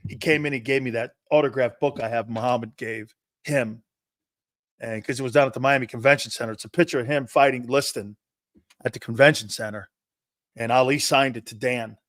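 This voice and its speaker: A man's voice: mid-range voice, steady tone, fairly quick, fairly bright tone, dry recording, clean studio sound. Rambling fifty-something man telling stories. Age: 50s. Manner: rambling, digressive, with restarts and profanity. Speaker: sports talk show host. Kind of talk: casual anecdotal storytelling monologue.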